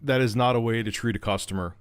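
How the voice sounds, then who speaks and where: A man's voice: mid-range voice, steady tone, quick pace. A man making a video, ranting to camera in an indignant, self-righteous way. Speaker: video creator. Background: clear background music.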